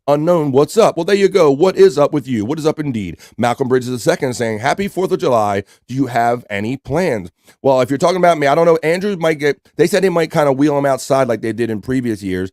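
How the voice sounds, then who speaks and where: A man's voice: mid-range voice, a little mellow, no echo, clean studio sound. A man with an American accent hosting a live stream show, casually reading out chat messages and greeting viewers. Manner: laid-back, reads chat messages aloud. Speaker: livestream host.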